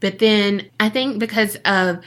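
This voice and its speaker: A woman's voice: mid-range voice, unhurried, fairly bright tone. A woman, co-hosting a podcast and telling a story in a casual, jokey way that is full of swearing. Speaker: podcast co-host.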